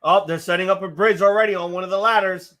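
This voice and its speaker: A man is hosting a live wrestling watch-along, his fairly high voice moving at a quick pace. He reacts with excitable, profanity-laced outbursts, and his voice is getting strained.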